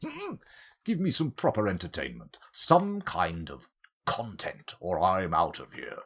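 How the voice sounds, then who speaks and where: A man's voice: sits low, huge pitch swings, a little slow, creaky, fairly bright tone, breathy edge, heavily acted. Haughty old colonial colonel, impatient, put on by a male streamer mid game. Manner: demanding, haughty.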